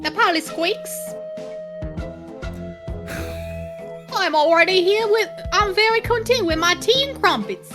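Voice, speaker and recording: A woman's voice: very high-pitched, expressive, normal speed, music in the background. A woman voicing a theatrical voodoo lady fortune teller in a put-on English accent that keeps drifting, with dramatic, solemn delivery. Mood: dismissive. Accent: put-on English accent drifting elsewhere. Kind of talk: comic improvised game voice-over.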